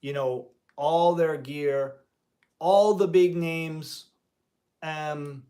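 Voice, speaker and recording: A man's voice: on the high side, steady tone, drawn-out words, warm tone. A man who teaches music part-time, talking in a rambling vlog commentary with many restarts and mild euphemistic cursing.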